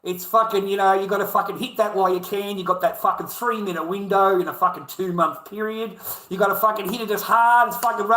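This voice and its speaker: A man's voice: high voice, steady tone, fast, bright, forceful tone, echoey room. An Australian man in a crude, profane, rambling livestream rant, swearing constantly.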